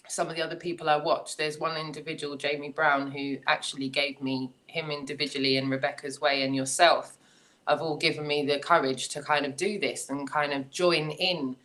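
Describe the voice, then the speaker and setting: A woman's voice: low-pitched, fairly bright tone. An English woman on a video call, telling a long story casually and hedging a lot with "kind of". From England. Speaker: guest panelist.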